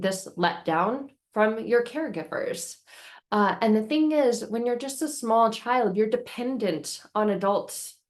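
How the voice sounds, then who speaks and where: A woman hosting a self-help talk, speaking earnestly and slowing down to stress key words. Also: mid-range voice. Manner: earnest, repetitive, slows down for emphasis. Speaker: self-help video host. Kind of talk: emotional storytelling monologue.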